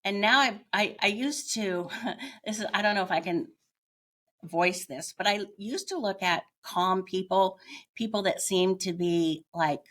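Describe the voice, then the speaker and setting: An older woman with a medium-pitched, slightly bright voice speaks a little slowly. A retired teacher who now teaches yoga, she's an interview guest candidly telling her own story in a reflective way, searching for her words as she goes.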